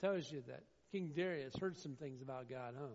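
A man preaching a sermon, swinging between loud, emphatic declaiming and quieter asides. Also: mid-range voice, normal speed. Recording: dull sound in a reverberant hall.

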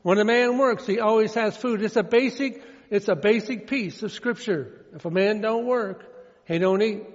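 Casting: high-pitched male pastor, folksy sermon delivery with lots of repetition, dull lo-fi church recording with long reverb. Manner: folksy preaching, repeats phrases, drawn-out quoted verses.

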